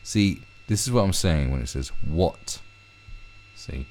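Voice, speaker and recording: A man's voice: sits low, big pitch swings, measured pace, a little mellow, a little hiss or hum. A man ranting through a commentary video, swearing heavily and often restarting his sentences. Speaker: commentary vlogger.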